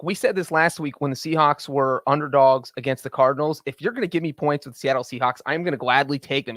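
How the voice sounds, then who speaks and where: A man's voice: a little high, fairly bright tone, dry recording, studio quality. A man co-hosting a casual football betting podcast, laying out his picks in confident, flowing arguments. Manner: confident, talks in full flowing points. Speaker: podcast co-host, NFL betting analyst. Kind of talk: casual sports betting chat.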